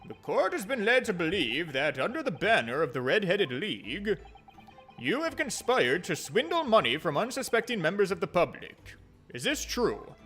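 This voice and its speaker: A man's voice: high-pitched, sing-song, moderate pace, fairly bright tone, soft background music, full character voice. A man reading game dialogue as a formal courtroom judge in a plain voice.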